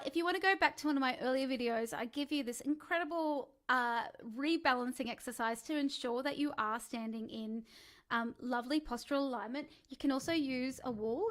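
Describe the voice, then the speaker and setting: During a live-streamed singing lesson, a female singing coach with a high, fairly bright voice keeps things chatty and encouraging. She models vocal sounds for her students, including sighs, whimpers, and calls.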